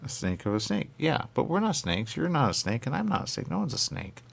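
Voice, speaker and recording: A man's voice: very animated, a little fast, vocal fry. A man in absurd comedic banter, arguing in goofy circles. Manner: goofy, circular arguing with big pitch jumps.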